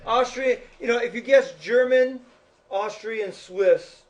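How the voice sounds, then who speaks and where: A man's voice: extremely high pitch, slow pace. A male teacher giving a chatty classroom lecture, joking with his students. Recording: echoey classroom from far off.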